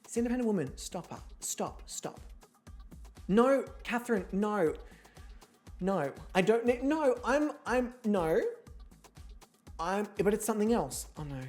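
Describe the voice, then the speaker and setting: A woman's voice: medium pitch, expressive, measured pace, pauses often, a little mellow, soft background music. A woman streamer giving casual gameplay commentary from home, with sarcastic, profane, theatrical rants. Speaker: gaming streamer.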